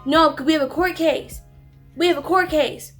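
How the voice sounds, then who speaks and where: Brief: woman parodying a distressed woman, raised pitch, loud, overacted. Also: moderate pace, soft background music. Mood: mock-tearful. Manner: mock-dramatic, overacted. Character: distressed woman telling of her abusive husband.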